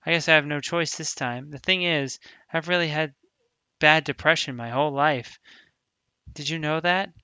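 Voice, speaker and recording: A quietly sad teenage schoolgirl from a visual novel, cheerful on the surface and hiding depression inside, read aloud by a man in his own bright, smooth voice. She speaks softly and in a subdued way, close to the mic in a dry, dead space. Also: on the high side, moderate pace, no echo.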